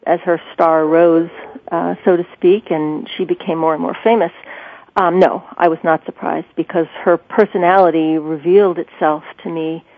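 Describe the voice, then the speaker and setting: A woman guest in an interview, recalling a story with animated swings in pitch. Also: normal speed, no echo. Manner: animated, pitch leaps when quoting herself. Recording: tinny phone line.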